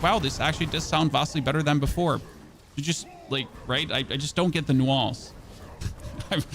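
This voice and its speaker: A man's voice: medium pitch, fairly bright tone, a little hiss or hum. Chatty German-native man streaming. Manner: rambling, chatty, self-mocking, with restarts. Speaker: game streamer. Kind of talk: casual chat with live chat.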